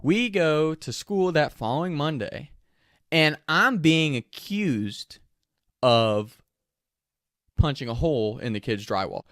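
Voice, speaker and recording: A man casually telling a story, animated and profane, often laughing as he talks. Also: on the high side, takes it slowly, dry recording, studio quality.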